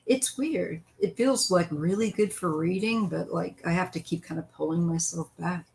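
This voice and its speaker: A woman's voice: fairly low pitch, normal speed, gravelly, a little mellow, poor audio. A woman hosting a live tarot stream who chats loosely, greets viewers by name and wanders between thoughts while reading the cards. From western United States.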